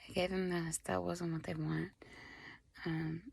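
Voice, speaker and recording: A young adult woman giving an emotional personal testimony to camera. She is tearful and speaks haltingly, often dropping into soft whispers. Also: on the low side, flat delivery, creaky, breathy edge, no echo. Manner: halting, many soft whispered stretches, fighting back tears. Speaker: vlogger sharing a personal testimony.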